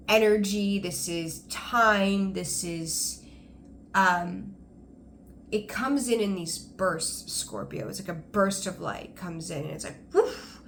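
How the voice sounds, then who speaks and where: A woman's voice: on the low side, fairly bright tone, a little hiss or hum. A woman giving a casual tarot reading to camera, rambling and enthusiastic, with frequent ums. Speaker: tarot reader.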